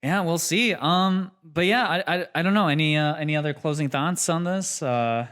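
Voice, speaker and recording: Smooth-voiced man co-hosting a podcast. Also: fairly high pitch, normal speed, a bit bright. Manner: thoughtful, hedging with fillers. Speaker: podcast co-host. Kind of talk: casual podcast chat. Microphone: podcast microphone.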